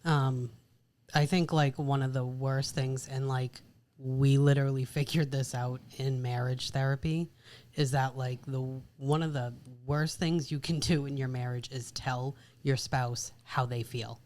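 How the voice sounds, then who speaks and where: A woman's voice: extremely low pitch, steady tone, a little slow, darkish tone. A woman co-hosting a podcast about marriage, talking casually and leaning on "like" and "literally.". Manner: chatty, repeats "like" and "literally" often. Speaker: podcast co-host. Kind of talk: casual chat.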